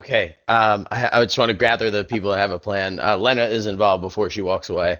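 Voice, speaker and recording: A man's voice: lowish voice, steady tone, quick pace, hardly any pauses, fairly bright tone. A man playing a tabletop game, teasing the others and joking around. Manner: joking, teasing, bursts of laughter. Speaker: player. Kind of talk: casual game chat.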